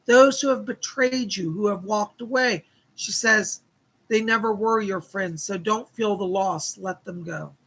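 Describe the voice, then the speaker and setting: A male psychic host giving live readings with a gravelly, husky edge and a bright, forward tone. He passes along spirit messages, repeating "she said" as he goes, and stops to thank viewers for their donations. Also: high-pitched, unhurried, low-quality recording.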